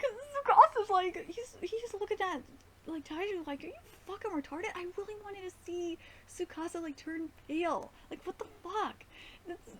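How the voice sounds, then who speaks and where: A woman's voice: fairly high pitch, slight background noise, low-quality recording. A woman hosting a live anime reaction, talking in an exasperated, nitpicky way and swearing often. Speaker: host.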